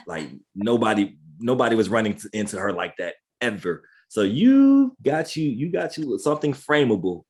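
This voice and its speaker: A man hosting a podcast, chatting casually and chiming in playfully with quick reactions. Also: on the low side, darkish tone, slightly rough. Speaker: podcast host. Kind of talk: casual chat.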